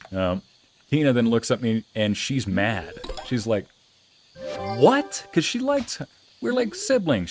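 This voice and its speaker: A man streaming a game, telling a story in casual chat and acting out the quoted lines in a raised voice. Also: fairly low pitch. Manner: animated, acts out quotes in a raised voice. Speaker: streamer and narrator. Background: faint background music.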